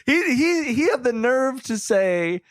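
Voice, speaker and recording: A man co-hosting a casual sports podcast, talking in an animated, sarcastic way and laughing often. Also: very high-pitched, measured pace, no room sound, clean studio sound. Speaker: podcast co-host.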